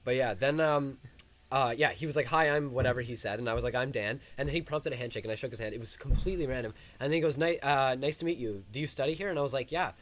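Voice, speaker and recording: A man's voice: mid-range voice, fast, slight background noise. A young man, born in Ukraine, telling stories in a casual podcast chat, acting out the people he quotes. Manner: animated, acts out quoted voices. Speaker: podcast co-host.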